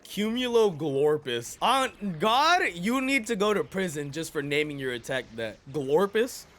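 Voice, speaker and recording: A man reacting to an anime episode with hyped, slangy commentary that often breaks into shouts. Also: a little high, big pitch swings, unhurried.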